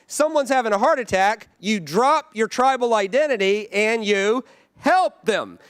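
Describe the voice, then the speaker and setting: High-voiced man preaching a sermon. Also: animated, a little slow, a bit bright, clean tone, dry recording, clean studio sound. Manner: conversational, keeps asking "right?". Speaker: guest preacher. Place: church.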